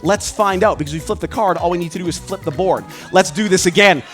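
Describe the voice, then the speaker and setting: High-voiced energetic stage mentalist man. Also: faint music behind. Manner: energetic, rapid number-calling to an audience. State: out of breath. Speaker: mentalist performer. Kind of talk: live stage show patter. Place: cruise ship show venue.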